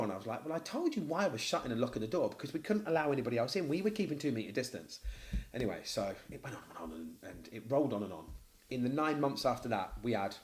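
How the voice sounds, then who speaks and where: A man with a Mancunian accent rattles through a story at a quick clip on a casual podcast. He sounds like a tattoo studio owner, blunt and animated, and he swears freely. His pitch sits in an ordinary middle register. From Manchester, England.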